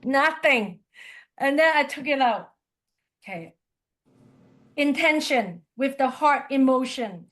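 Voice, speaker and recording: A woman with a high voice shares a personal story in a workshop. She is animated and acts out each line of dialogue. She talks in plain, simple English and laughs often. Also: a little slow, long pauses. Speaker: qigong teacher.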